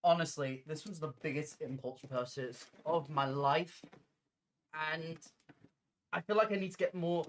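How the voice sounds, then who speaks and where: A woman chatting on a casual livestream from her home floor at night, loud, scattered and giggly as she talks. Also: low voice, a little slow, pauses often, slight background noise.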